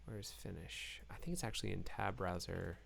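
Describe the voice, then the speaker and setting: A man hosting a live coding stream, thinking aloud in halting phrases with many fillers and self-corrections, and saying he is losing his voice. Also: sits low, fairly even intonation, gravelly, a bit bright, slight background noise. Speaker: programmer live-coding host.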